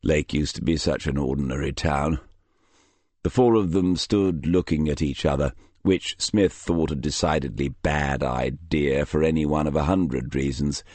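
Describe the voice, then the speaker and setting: A man reading a crime novel aloud in measured, dry storytelling narration. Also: extremely low pitch, a little mellow, dry recording. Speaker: audiobook narrator. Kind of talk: scripted narration.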